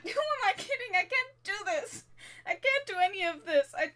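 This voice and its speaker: An actress playing a distraught young woman inventor who doubts herself, talking in halting, anguished bursts and near tears. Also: very high voice, animated, sharp tone, slight background noise, heavily acted. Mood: despairing. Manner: anguished, halting, self-critical. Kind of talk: audio drama acting.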